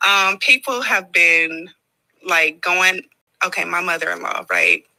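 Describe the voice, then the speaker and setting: A woman's voice: lowish voice, wildly swooping pitch, slow, vocal fry, sharp tone, low-quality recording. A woman answering questions in a casual interview, hesitant and guarded. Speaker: interviewee in a played clip.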